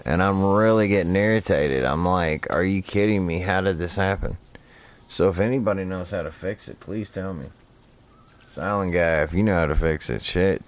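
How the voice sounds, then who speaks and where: A man streaming a fishing game, telling rambling, profane stories while he plays. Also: sits low. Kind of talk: casual gameplay commentary.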